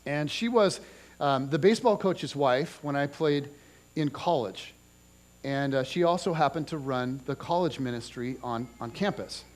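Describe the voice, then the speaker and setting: A man in his forties, the pastor, gives a loose, chatty sermon in a church auditorium, full of family anecdotes and frequent restarts in his animated storytelling. He speaks in a mid-range voice without hurrying.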